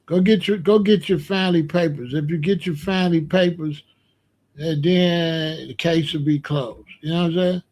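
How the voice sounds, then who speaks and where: Middle-aged man, fairly high voice, blunt profane rant, dismissive and repetitive. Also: steady tone, moderate pace, a little mellow. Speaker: commentator reacting to comments. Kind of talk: casual ranting commentary.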